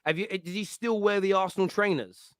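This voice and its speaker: Animated laughing host. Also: male voice, high voice, a little fast, smooth, no echo. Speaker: podcast host. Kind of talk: casual chat.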